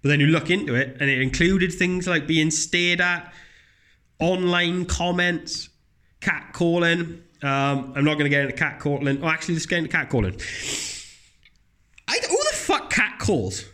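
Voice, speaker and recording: At a moderate pace, a man rants in casual comedic conversation, blunt, profane and animated. His voice jumps up high when he mocks people.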